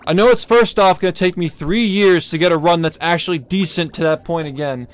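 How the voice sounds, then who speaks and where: Streamer rant: man, high voice, furious, constant swearing, repeats every complaint. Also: fairly quick, smooth. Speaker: speedrunner streamer. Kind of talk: angry rant while live-streaming a game.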